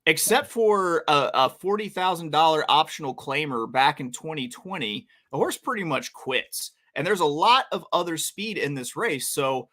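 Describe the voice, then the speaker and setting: A man co-hosting a podcast, talking through horse race picks in a measured, casual way. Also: on the high side, animated, pushed and bright. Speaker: podcast co-host. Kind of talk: casual handicapping talk.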